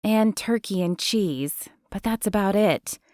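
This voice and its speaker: A woman's voice: mid-range voice, measured pace, darkish tone, dry recording, clean studio sound, natural voice. A woman narrator voicing a sweet, easily flustered young woman in an audiobook. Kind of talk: audiobook character voice.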